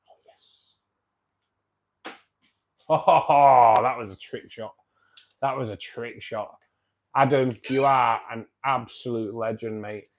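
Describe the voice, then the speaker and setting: Thanking viewers by name, a fifty-something man runs a chatty, jokey fish-keeping livestream with a mid-range voice and a dry throat. A bit of hiss or hum is audible.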